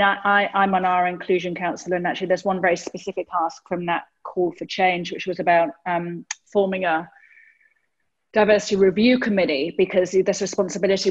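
A woman's voice: on the low side, muffled recording. A woman agency executive speaking on a panel discussion, thinking aloud with frequent restarts. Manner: rambling, restarts, stumbles over words.

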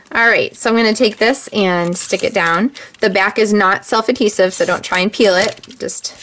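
A woman demonstrating a card-making craft step by step, chatty and relaxed, with frequent ums. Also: medium pitch, a little hiss or hum. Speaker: stamping demonstrator. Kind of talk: casual craft tutorial.

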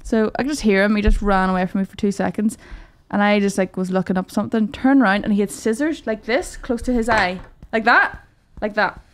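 A woman, a podcast guest telling animated stories in casual chat. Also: medium pitch. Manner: fast, animated storytelling about her toddler.

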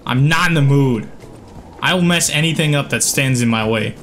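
Excitable man narrating his gameplay. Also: medium pitch, normal speed, slight background noise. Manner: excitable, yelps and swears at the game. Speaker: gaming channel host. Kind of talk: gameplay commentary.

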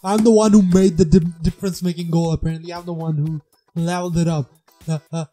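A gamer giving casual gameplay commentary, self-mocking and laughing, squealing high when surprised and scatting beatbox sounds. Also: steady tone, fast, music in the background. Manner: scats beatbox sounds along with the game. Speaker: gamer and channel host.

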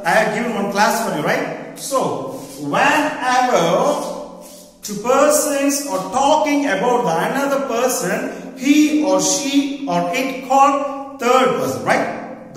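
A male school teacher with a Telugu accent explaining English grammar to a class, slowly and repetitively, often checking "right?". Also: very high-pitched. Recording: distant, echoey classroom with long reverb.

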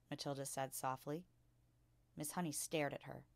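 A woman's voice: sits low, steady tone, moderate pace, vocal fry, no room sound. Woman reading a children's book aloud. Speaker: storytime reader.

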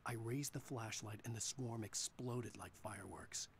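Brooding writer narrating his own nightmare in a game, grim, lowish voice, faint hiss behind. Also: vocal fry. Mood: hushed. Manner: grim, measured, at times hushed. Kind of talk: scripted noir game narration.

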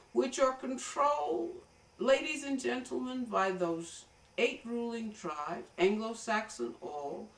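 An American woman giving an emphatic political commentary monologue, lecturing and addressing her viewers directly. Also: sits high. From United States. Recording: roomy echo, voice from a distance.

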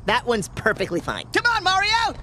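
An actor voicing a tiny excitable male mushroom creature in an animated film, yelling frantically in a high voice. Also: normal speed, heavy background noise, exaggerated voice. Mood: panicked, cheery.

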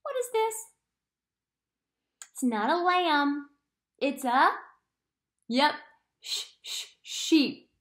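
A woman teacher giving a playful phonics lesson to young children, sounding out letter sounds slowly. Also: high voice, very animated, fairly bright tone, echoey room.

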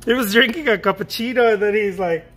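A middle-aged man from Mexico teaching painting in a casual, excitable, slangy way, laughing often and repeating himself. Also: high voice, fast. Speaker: painting instructor. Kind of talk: casual chat while painting.

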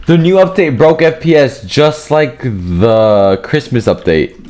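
A young man giving profane, joking commentary over his gameplay, trash-talking other players and often breaking into yells. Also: medium pitch, measured pace, slight background noise. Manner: bursts into yelling. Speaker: gaming video creator.

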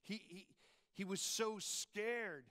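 A man's voice: sits high, takes it slowly, sharp tone. A man preaching a sermon as campus pastor, in a conversational style with frequent rhetorical asides to the congregation.

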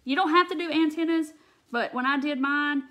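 A woman's voice: high-pitched, moderate pace, sharp tone. Chatty woman teaching crafts. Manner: chatty, addresses viewers directly and answers comments. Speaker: craft tutorial host. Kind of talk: live crafting demonstration.

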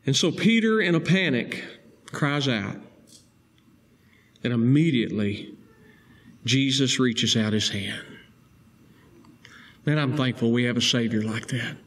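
A male preacher, delivering a sermon with emphatic rising stresses and slow, deliberate key phrases. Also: mid-range voice, lively intonation, a bit bright.

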